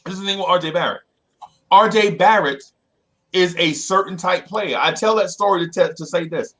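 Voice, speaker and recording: An animated man hosting a casual sports talk show. His voice sits a bit higher than most men's. He drives a story forward and keeps looping back with "right?" and "I'm telling you". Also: normal speed.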